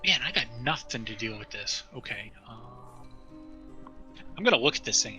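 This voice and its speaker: Guy playing a tabletop game, super bright sharp voice, kinda fed up. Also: medium pitch, lively intonation, normal speed, soft background music, poor audio. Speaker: player.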